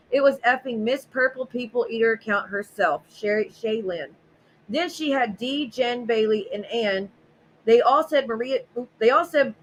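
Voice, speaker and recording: A woman's voice: a little high, fairly bright tone, a little hiss or hum, poor audio. A woman hosting a casual livestream, reading viewer messages aloud and reacting bluntly and sarcastically, with frequent swearing. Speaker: livestream host.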